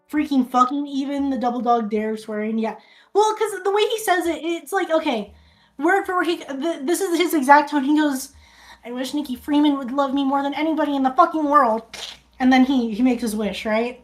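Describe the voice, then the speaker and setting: A woman's voice: sits high, a little mellow. A woman streamer casually recapping a film, rambling, restarting sentences and swearing often.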